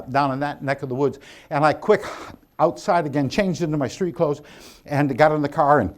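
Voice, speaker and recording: Older man, guest host on a theater stage, rambling story, fairly high voice, chuckling asides. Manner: rambling, self-deprecating, laughs at own jokes. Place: packed theater.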